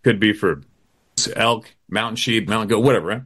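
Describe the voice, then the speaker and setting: Animated, profane man telling hunting-camp tales. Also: fairly low pitch, fairly quick, breathy edge. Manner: animated, profane storytelling with acted-out quotes. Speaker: storyteller, hunting guide. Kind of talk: casual chat.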